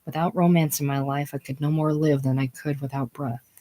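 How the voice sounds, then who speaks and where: A high-strung, romantic woman schoolteacher, read by a woman in a casual play reading, breathless and theatrical. The voice sits low and deep for a woman. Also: fairly even intonation, fairly quick, warm tone, natural voice, low-quality recording. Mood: indignant.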